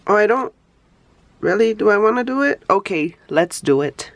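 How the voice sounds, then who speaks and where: A woman from Hawaii, a craft YouTuber, gushing with excitement as she unboxes happy mail in casual chat. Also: mid-range voice, takes it slowly, no room sound. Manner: gushing, exclamatory, lots of "oh my gosh". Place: home, Phoenix.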